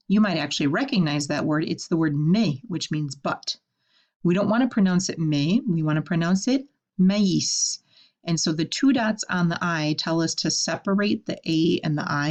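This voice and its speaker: A woman teaching a French vocabulary lesson, saying each word slowly and then explaining it in casual English. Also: fairly low pitch.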